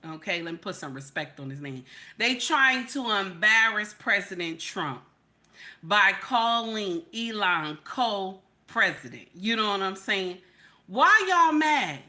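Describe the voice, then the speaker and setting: A woman reacting on a livestream in animated, exclamatory talk, repeating "okay?" often. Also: medium pitch. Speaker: livestream host. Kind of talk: casual reaction commentary.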